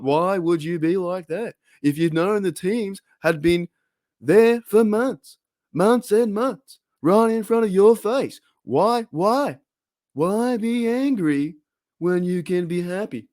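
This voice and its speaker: A man's voice: high-pitched, takes it slowly, a little mellow, pitched above the performer's own voice. A man with an Australian accent doing an impression of a whiny male stand-up comic, firing off indignant rhetorical questions. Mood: ranting.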